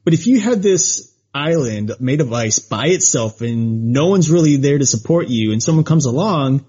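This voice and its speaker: Husky-voiced man in casual podcast chat. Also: medium pitch, animated, normal speed, few pauses, mellow, lo-fi sound. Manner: rambling, laughs often, many fillers. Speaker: podcast co-host.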